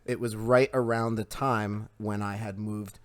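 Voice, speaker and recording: A man's voice: lowish voice, level tone. A man hosting a podcast in casual interview chat, often restarting his sentences. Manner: halting, frequent restarts. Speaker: podcast host.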